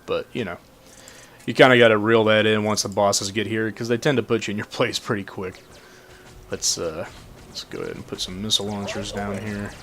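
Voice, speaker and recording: A man casually commenting on a game while he plays, matter-of-fact and relaxed. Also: fairly low pitch, fairly quick. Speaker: gameplay commentator.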